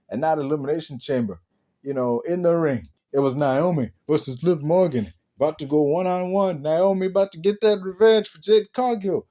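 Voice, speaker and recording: A man hosting a casual spoken wrestling review, animated and rambling, swearing casually as he talks. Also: fairly high pitch, normal speed.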